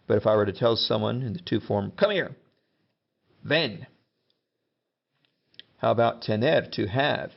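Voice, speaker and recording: Gravelly-voiced joking male teacher. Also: on the low side, steady tone, a little fast, hardly any pauses, highs cut off. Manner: chatty, joking, acts out example commands. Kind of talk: casual classroom lesson.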